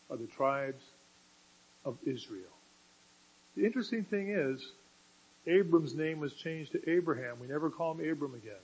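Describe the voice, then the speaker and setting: A man preaching a sermon, moving from quiet explanation to loud, emphatic passages. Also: a little high, husky, low-quality recording.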